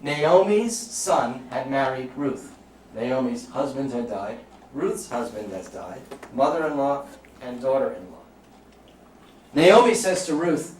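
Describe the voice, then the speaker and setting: This Bronx-born lecturer, middle-aged, has a medium-pitched, darkish voice that's animated yet unhurried. He jokes and chats his way through a talk to a live crowd, slipping in audience asides in a lecture room. Captured from far off, the sound is roomy with a faint noise floor.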